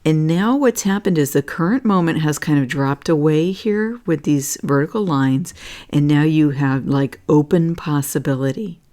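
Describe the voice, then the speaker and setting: Low and dark in tone, this woman's voice moves at a moderate pace as she hosts a casual spiritual talk about astrology and energy over charts. She's earnest and grows emotional, wandering through her points with plenty of fillers and repeated "okay?" check-ins.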